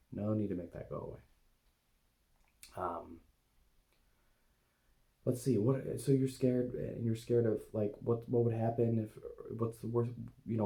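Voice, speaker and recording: A man demonstrating a guided meditation to camera, talking gently and hesitantly with many pauses as he speaks to an inner part with his eyes closed. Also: fairly low pitch, vocal fry. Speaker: eating coach and video host.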